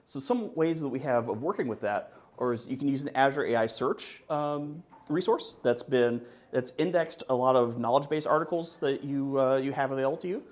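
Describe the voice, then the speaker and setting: A man presenting at a tech conference in a playful, animated way. His voice sits at an ordinary middle pitch and is picked up by a presenter's microphone. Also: a little fast, hardly any pauses. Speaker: conference speaker. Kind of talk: conference talk.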